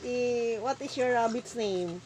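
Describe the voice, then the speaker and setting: A woman's voice: fairly high pitch, unhurried, rough recording. An older Filipino woman with a Filipino accent, coaxing her grandchild at home with simple questions, mixing Tagalog and English. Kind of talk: casual home video, talking to a toddler.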